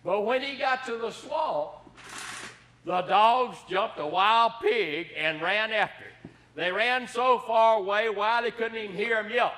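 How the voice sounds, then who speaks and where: A high-voiced man tells a folktale aloud to a group of children. His voice is bright and ringing, and he reads in a folksy way, acting out the shouts and the dogs himself. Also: a little slow. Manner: folksy, acts out dog yelps and hollers. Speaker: storyteller reading to children. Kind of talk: animated read-aloud storytelling.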